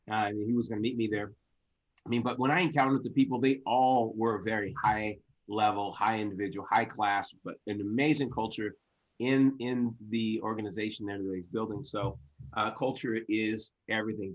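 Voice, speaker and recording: A man's voice: medium pitch, lo-fi sound. A man hosting an online business event, heaping praise and blessings on his guest in a fervent motivational style, often restarting and repeating his phrases. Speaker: host.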